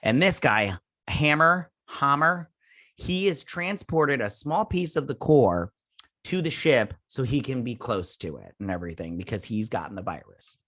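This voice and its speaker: A man speaks at normal speed in a mid-range voice with lively intonation, recorded dry with clean studio sound. He runs a review channel and gives a casual plot recap of an episode, rambling, hesitant, and heavy on fillers and restarts, at times doing playful voices for the characters.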